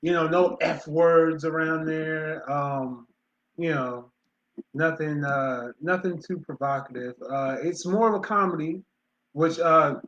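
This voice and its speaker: A man's voice: fairly high pitch, slow pace, a bit bright. A man co-hosting a casual movie review, rambling with fillers and restarts. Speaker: co-host of a movie review show. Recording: dull lo-fi sound in an echoey room.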